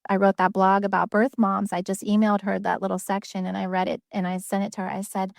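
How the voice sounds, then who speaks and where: A middle-aged woman speaking as a guest about her own family, earnest and emotional, her talk full of small fillers. Her pitch sits in the ordinary middle for a woman. The sound is close and dry, with no room around her. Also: completely flat delivery, fast, gravelly, hardly any pauses, dry recording. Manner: earnest, emotional, many "you know" fillers and laughs. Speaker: adoptive mother and guest. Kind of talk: heartfelt personal storytelling.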